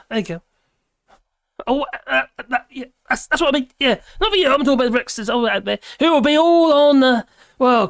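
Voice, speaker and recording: A woman's voice: a little high, dry recording, studio quality. A tired woman, rambling and grumbling in casual chat while reading out comments on her live stream.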